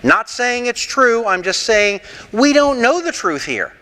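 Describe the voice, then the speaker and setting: A man leading an interactive sermon class, animated and rhetorical with a sarcastic streak, taking questions from the room in a church. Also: extremely high pitch, a little slow, long reverb tail. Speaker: pastor teaching a Bible class.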